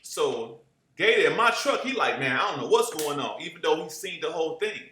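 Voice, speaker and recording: Man, young adult, casual storytelling, lively quoted voices, fairly high pitch, roomy echo. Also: a little fast. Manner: animated, acts out quoted voices, profane street slang. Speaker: storyteller guest.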